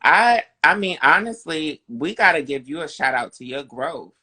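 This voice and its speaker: Gravelly, bright-voiced talk host. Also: male voice, on the high side, lively intonation. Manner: affirming, drawn-out, sassy slang. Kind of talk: supportive advice during a live chat show.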